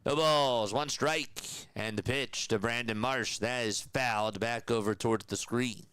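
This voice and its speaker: A young man doing radio-style baseball play-by-play on a live stream, calling pitches and greeting viewers in the chat. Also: clean tone, no room sound. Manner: steady, measured game calls.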